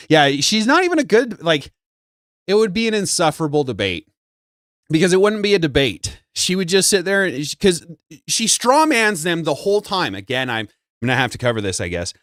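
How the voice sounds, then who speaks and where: A man co-hosts a live stream in loose, rambling commentary. He mocks freely and mimics others in a higher voice. His voice sits at a middle pitch and sounds dry and close. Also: a bit bright, dry recording. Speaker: co-host.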